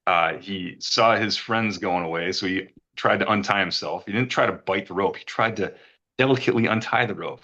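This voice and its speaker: A middle-aged man with a low, deep voice tells a heartfelt story in an earnest, rambling way. His tone is bright and forceful. He repeats words as emotion catches him, and the recording sounds slightly dull and muffled. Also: a little fast. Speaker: retreat guest giving a testimonial.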